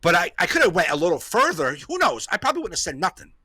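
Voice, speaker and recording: A man's voice: high voice, wildly swooping pitch, fast, sharp tone, breathy edge, dry recording. A man hosting a comedy podcast, telling a rambling story in casual chat, repeating himself and laughing often.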